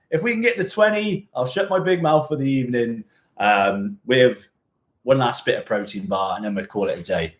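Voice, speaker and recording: A man with a West Country accent, a Gloucestershire twang with a hint of Welsh, chats casually on a live stream from a chilly home gym shed. He talks in a jokey, rambling way, laughing often as he reads out and answers viewers' comments. His voice sits at an ordinary middle pitch. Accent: West Country Gloucestershire twang with a touch of Welsh. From England, born in Hereford. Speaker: fitness channel host.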